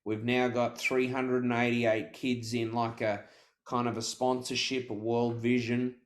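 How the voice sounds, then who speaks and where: A man's voice: medium pitch, level tone, measured pace. A middle-aged man, a podcast guest telling a story in conversation, full of restarts and repeated words.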